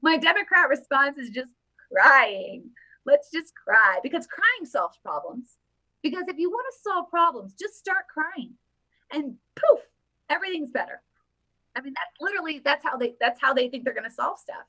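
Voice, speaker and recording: A woman vlogger giving casual live-stream political commentary, emphatic and animated, often repeating her phrases. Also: high-pitched, normal speed.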